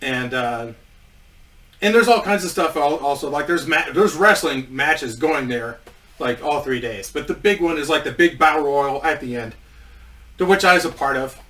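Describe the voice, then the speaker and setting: A man's voice: on the high side, lively intonation, moderate pace, pushed and bright, far from the mic, low-quality recording. A man telling a casual story about his wrestling days, rambling with many restarts and frequent swearing.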